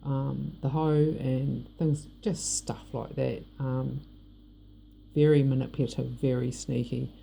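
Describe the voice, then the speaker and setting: A woman's voice: rumbling low, steady tone, slow pace, gravelly, dark tone, a little hiss or hum. A middle-aged woman with a New Zealand accent, talking frankly in a rambling personal vlog and not shy of swearing. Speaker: vlogger. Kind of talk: personal monologue.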